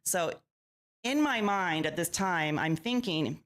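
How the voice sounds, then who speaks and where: Woman guest, low voice, animated storyteller who acts out quotes. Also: a little slow. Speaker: paranormal investigator guest. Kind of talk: casual interview storytelling.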